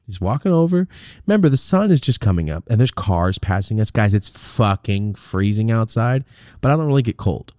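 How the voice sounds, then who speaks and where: A man's voice: deep voice, a little mellow, no room sound, studio quality. A man casually telling a rambling, profane road-trip story as a podcast host.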